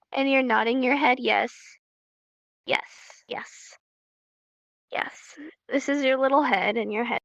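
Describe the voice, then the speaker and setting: A high, bright-voiced young woman leads a casual live-streamed sign language lesson. She is animated, repeats key points for emphasis and laughs easily. The audio is dry and a little dull, as on a lo-fi stream. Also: no echo.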